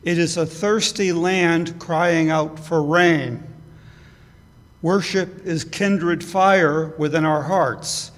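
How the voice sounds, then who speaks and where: Slow-reading minister in a reverberant hall. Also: male voice, on the high side. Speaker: minister leading a service. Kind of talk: church service, leading prayers and reading. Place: church sanctuary.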